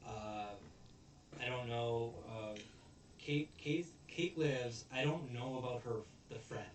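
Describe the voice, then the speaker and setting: A man casually recapping a movie plot, rambling with lots of fillers and mock-yelling at the characters. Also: medium pitch, slow pace, a little hiss or hum. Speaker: movie reviewer.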